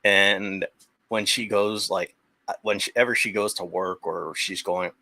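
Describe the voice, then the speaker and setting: A man's voice: sits low, fairly even intonation, a little slow, bright, forceful tone, no room sound. A young man chatting casually as a guest on a stream, rambling with many restarts and the odd swear. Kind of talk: casual chat.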